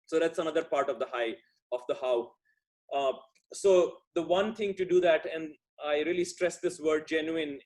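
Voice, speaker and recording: A middle-aged man from India, a guest speaker, giving a thoughtful, conversational talk with frequent restarts. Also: a little high. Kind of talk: talk on workplace relationships.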